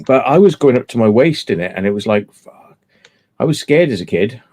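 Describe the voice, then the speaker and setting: A man's voice: medium pitch, expressive, brisk, dark tone. A man hosting a casual live-stream chat, laid-back and rambling, swearing freely as he tells stories. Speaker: livestream host.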